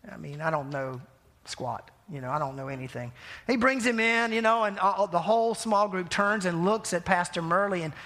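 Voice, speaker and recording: A man preaching a sermon, telling a personal story in a conversational, animated way with self-deprecating laughs. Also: high-pitched, normal speed. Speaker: pastor.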